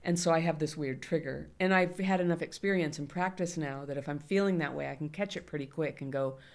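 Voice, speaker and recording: A woman's voice: sits low, a little fast, darkish tone. A middle-aged woman, a guest in an interview, talking candidly and animatedly, often laughing. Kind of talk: conversational interview.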